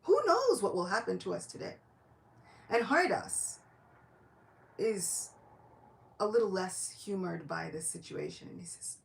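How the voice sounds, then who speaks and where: In an unhurried, gravelly mid-range voice with frequent pauses, a woman delivers a devotional lecture. She tells a story animatedly, performing each character's lines in distinct quoted voices.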